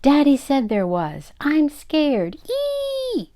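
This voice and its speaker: A woman voicing a shrill, squealing, quarrelsome mother in a storybook read-aloud. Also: animated, a little slow, gravelly. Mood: squealing panic. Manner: squealing and yelling.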